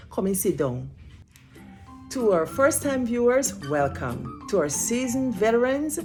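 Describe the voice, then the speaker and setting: A woman's voice: mid-range voice, very animated, unhurried, a little mellow, soft background music. A Guyanese woman hosting a storytelling history lesson, emphatic and fond of teasing rhetorical questions. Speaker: host.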